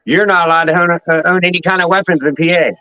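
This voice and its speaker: A man with a high, bright voice tells stories with plenty of profanity and loose asides. He sounds like a casual talk show host from Pennsylvania. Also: steady tone, fast, no echo, rough recording. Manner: profane, rambling storyteller. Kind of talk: casual chat, storytelling.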